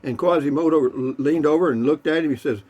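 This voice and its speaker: A joke-telling vlogger with a fairly high-pitched, slightly mellow voice talks fast, telling jokes in a loose, folksy, rambling style. His casual delivery is full of asides, and between jokes he pauses to toast and sip a beer.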